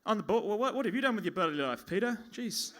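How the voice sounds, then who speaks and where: A man's voice: high-pitched, expressive, fast talker, noisy background. An Australian man doing a stand-up comedy set on a pub stage, rambling and self-mocking with lots of stammering restarts. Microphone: stage mic at a lectern.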